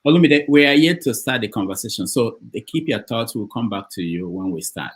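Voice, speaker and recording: A man hosting a call-in show, briskly moving between callers. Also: medium pitch, expressive. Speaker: host.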